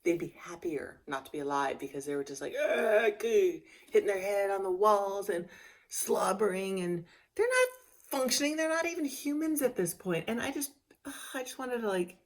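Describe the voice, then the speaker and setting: A middle-aged woman telling a personal story in a casual vlog, candid and emotional, often restarting and trailing off mid-phrase. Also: mid-range voice. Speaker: vlogger.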